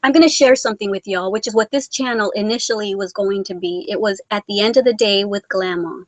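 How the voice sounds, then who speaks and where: A woman's voice: medium pitch, brisk, dry recording, poor audio. A woman of Mexican origin hosting a casual live vlog, reading out viewer comments in a rambling, sentimental, self-deprecating way. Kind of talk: casual live-stream chat.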